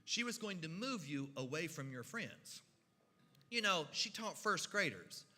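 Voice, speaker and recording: A storyteller from the mountains, telling a funny story in a folksy, animated way, with sound effects and voices. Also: male voice, a little high, measured pace. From Kentucky mountains. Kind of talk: humorous storytelling. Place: church hall. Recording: reverberant hall.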